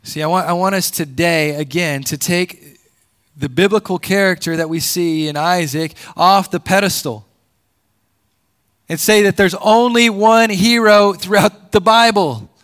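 In no hurry, a man preaches, using repetition to build his point. As a pastor, he moves back and forth between booming emphasis and soft, low passages.

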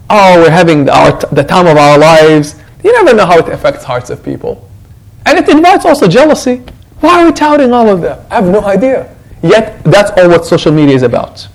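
Animated high-voiced male imam. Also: poor audio. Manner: animated, conversational, acts out quotes. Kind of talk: Quran reflection talk to a congregation.

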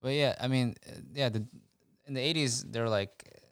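A man's voice: medium pitch, normal speed, clean tone, no room sound, studio quality. A man chatting casually on a podcast, loose and profane, with lots of "yeah" fillers. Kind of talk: casual chat.

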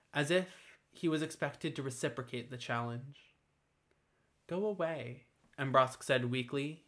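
A man reading a fantasy story aloud in a steady, measured storytelling manner. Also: medium pitch. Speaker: narrator. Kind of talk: scripted fantasy narration.

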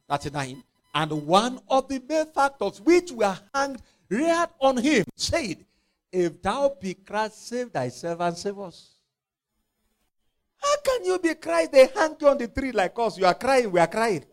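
A man delivers a sermon in a high, lively voice. His pitch swings widely as he acts out biblical scenes, shifting between hushed asides and fervent outbursts. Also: moderate pace. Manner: impassioned, dramatizing scripture with acted voices. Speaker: preacher.

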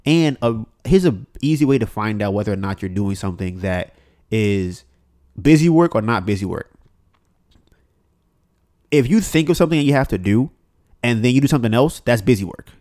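This is a man talking on his own podcast, rambling loosely with plenty of fillers and restarts. His pitch sits in an everyday middle range. He swears freely and slips into quoted voices to act out phone calls. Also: lively intonation, normal speed, long pauses, a little mellow. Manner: profane, uses many fillers and restarts. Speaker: podcast host. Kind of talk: solo podcast monologue.

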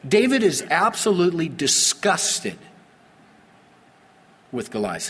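A man with a slightly husky voice preaches a sermon, swinging between calm explanation and sudden loud, forceful emphasis. His voice rings out with a long reverb, as in a large hall. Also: mid-range voice, unhurried, pauses often. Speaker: pastor.

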